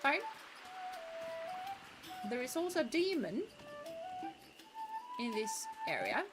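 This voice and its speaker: A woman's voice: fairly high pitch, big pitch swings, slow, over music. A woman streamer who laughs often and chats playfully while playing a game. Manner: giggly, playful, reads game dialogue aloud. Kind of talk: casual let's-play commentary.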